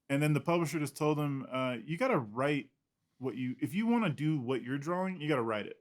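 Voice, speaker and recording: A man's voice: medium pitch, animated, fairly quick. Man, illustrator guest, casual interview, rambling, self-deprecating, laughs often.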